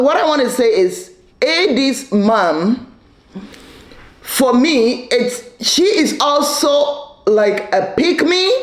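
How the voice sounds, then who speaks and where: A woman giving casual, sassy commentary recapping a reality show, with playful asides and frequent laughter. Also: on the high side. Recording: echoey room.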